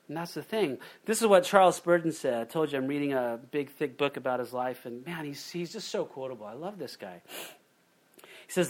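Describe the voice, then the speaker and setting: A middle-aged pastor delivers a sermon in a voice pitched notably high for a man. He is a lively storyteller, slipping into different voices to act out the quotes he tells. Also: a little fast.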